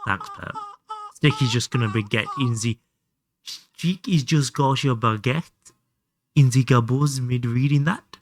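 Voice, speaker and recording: A man's voice: mid-range voice, unhurried. A young man chatting casually and thinking aloud while streaming a game, swearing freely. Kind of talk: casual live gameplay commentary.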